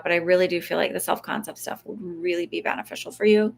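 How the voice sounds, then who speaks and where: On a live stream, a psychic medium hands out casual advice in a lowish voice with vocal fry, talking fast and barely pausing. She's chatty and wanders off topic, swears, laughs easily, and performs little voices.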